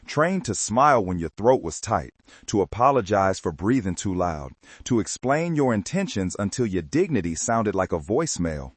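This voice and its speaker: A man's voice: on the low side, very animated, normal speed, husky, dry recording. A man giving a scripted motivational narration with dramatic, emphatic delivery.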